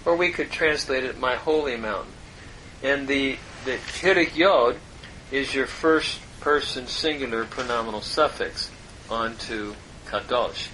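Male Hebrew teacher, slow and deliberate, bright tone, faint rumble underneath. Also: poor audio. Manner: slow, deliberate, parsing word by word with pauses. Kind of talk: verse-by-verse Hebrew lesson.

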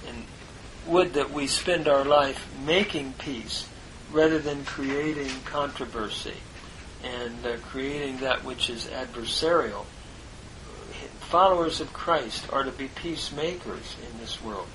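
A man teaching a verse-by-verse Greek lesson, parsing each word in a deliberate, halting way with many fillers. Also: medium pitch, fairly bright tone, slight background noise, rough recording. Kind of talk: slow parsing of a biblical text.

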